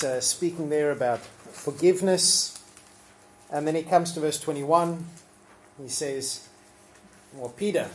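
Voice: mid-range voice, slight background noise. A preacher delivering a sermon in an easygoing, conversational way, with frequent ums and uhs. Scripture is retold like a story, and the quoted people get acted out now and then. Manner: conversational, with fillers, acting out the quoted speakers.

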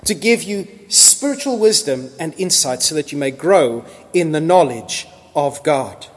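A man preaching a sermon in a church hall, animated and emphatic, building at times to near-shouting. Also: high-pitched, measured pace, few pauses. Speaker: pastor. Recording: long hall reverb.

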